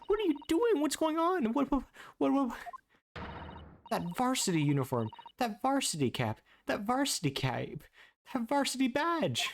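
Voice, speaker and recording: A man voicing an excitable young woman who gushes, gasps and squeals in a high, strained voice over game music. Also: moderate pace, creaky, a little hiss or hum, heavily acted. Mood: shocked. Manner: gasping, high-pitched squeals of surprise.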